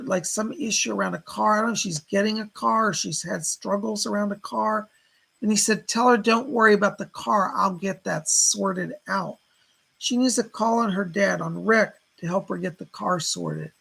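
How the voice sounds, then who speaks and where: Gravelly husky man doing readings. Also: sits high, sharp tone, poor audio. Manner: relays spirit messages as quotes, thanks donors by name. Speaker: psychic medium. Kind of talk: live-stream psychic readings.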